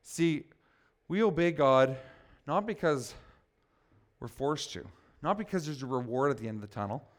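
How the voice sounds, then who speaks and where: A man's voice: a little high, lively intonation, normal speed. A man preaching a sermon as pastor, speaking emphatically and asking the congregation questions.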